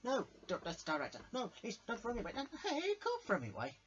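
A man voicing an excitable, jealous male bandicoot in a homemade toy show, squeaky and yelping. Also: fast talker, dull audio, a little hiss or hum, full character voice. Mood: panicked.

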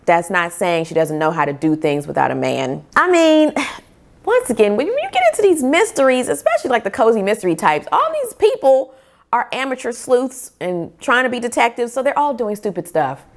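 Animated woman chatting about books. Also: fairly high pitch, normal speed. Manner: animated, opinionated, reacting with laughs. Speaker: book reviewer host. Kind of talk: casual vlog commentary.

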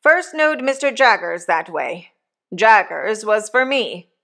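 A rough old convict speaks loud and slow, each word weighed and blunt, as a woman reader puts him on. His delivery is emphatic and gruff, a storybook figure. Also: medium pitch, sing-song, heavily acted.

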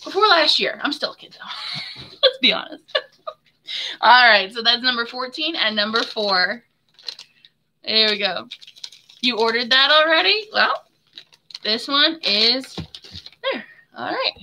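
A woman's voice: fairly high pitch, animated, slow, pauses often, sharp tone, slight background noise. A woman hosting a live giveaway stream of her handmade soaps. She talks in a chatty, friendly way, calls viewers hon and my friend, and laughs often. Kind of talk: casual live stream chat.

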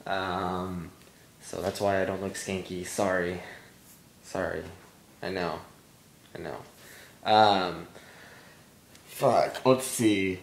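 A man's voice: low voice, fairly even intonation, takes it slowly, pauses often, roomy sound. Sleepy, rambling young man. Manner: rambling, swearing, yawning. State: just woken up, sleepy. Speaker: vlogger. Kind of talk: casual video message to a girlfriend. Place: room at home.

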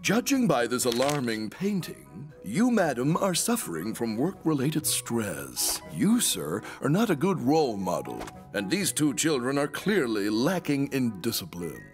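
An actor voicing a pompous middle-aged school principal in a cartoon, lecturing in a formal, condescending way. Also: male voice, mid-range voice, wildly swooping pitch, measured pace, few pauses, faint music behind.

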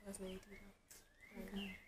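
A woman's voice: mid-range voice, completely flat delivery, fairly quick, a little hiss or hum. A young Vincentian woman vlogging, chatting and teasing with lots of giggles. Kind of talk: casual chat.

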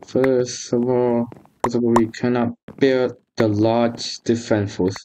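Excitable young gamer man yelling at his game. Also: medium pitch, takes it slowly, poor audio. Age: young adult. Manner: excitable, yelling and repeating words when losing. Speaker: gaming YouTuber. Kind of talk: casual gameplay commentary. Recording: faint background noise and clicks.

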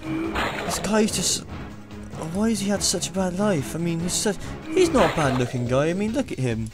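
A young man with a slightly high voice gives let's play commentary. He is excitable and teasing, mocking the figures on screen and laughing often. Loud game music plays under him. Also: normal speed. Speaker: gaming YouTuber.

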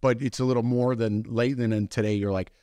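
A man's voice: steady tone, a little fast, dark tone, clear, resonant tone, no room sound, clean studio sound. Easygoing man co-hosting a podcast. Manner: easygoing, laughs often, jumps up in pitch for quotes. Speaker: podcast co-host. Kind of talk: casual chat.

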